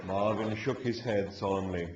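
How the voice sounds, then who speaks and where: A man narrating a story aloud in a lively, expressive way at a live reading in a hall. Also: fairly low pitch, moderate pace, muffled recording. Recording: echoey hall, faint noise.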